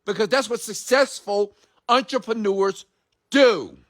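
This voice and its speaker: A man's voice: high-pitched, measured pace. A man who is an entrepreneur and mentor, delivering a blunt, profane, confrontational late-night motivational rant.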